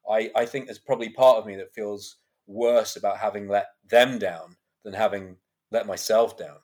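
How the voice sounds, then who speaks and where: Man telling lively stories. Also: on the low side, normal speed. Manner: animated anecdotes, laughing often. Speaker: actor guest. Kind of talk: podcast interview storytelling.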